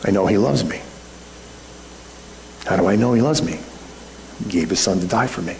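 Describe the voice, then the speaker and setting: A man's voice: low voice, moderate pace, vocal fry, a little mellow. A male pastor preaching a sermon in a conversational style, full of rhetorical questions. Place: church sanctuary. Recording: echoey room, faint background hum.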